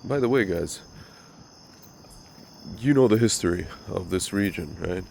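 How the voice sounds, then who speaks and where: A man's voice: low-pitched, expressive, unhurried, gravelly, a little mellow, slight background noise. A man hosting a casual commentary monologue who talks straight to his viewers in a rambling, opinionated way, his voice slightly nasal from a recent cold. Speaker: religious commentary host.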